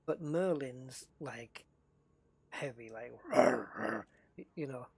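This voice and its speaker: A man's voice: mid-range voice, slow pace, a little mellow, husky. A middle-aged man from the northeast of England with an English accent, chatting casually and rambling as he streams a game from his desk at home. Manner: chatty, rambling, self-interrupting. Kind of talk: casual live-stream commentary.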